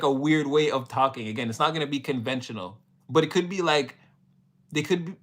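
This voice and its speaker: A man's voice: a little high, fairly bright tone. A man giving a casual, rambling tarot reading, full of fillers, laughs and playful quoted voices. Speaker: tarot reader.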